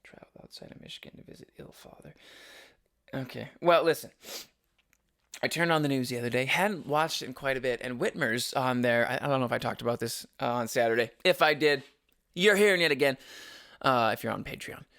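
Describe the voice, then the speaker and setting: A man's voice: medium pitch, a little fast, fairly bright tone. A young adult man hosting a casual solo podcast, rambling and opinionated with frequent restarts. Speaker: podcast host.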